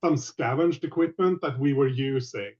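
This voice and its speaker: A man speaking as a player in a tabletop game, halting and correcting himself mid-sentence. His mic sounds dull and lo-fi, muffling the top of his voice. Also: medium pitch, a little mellow.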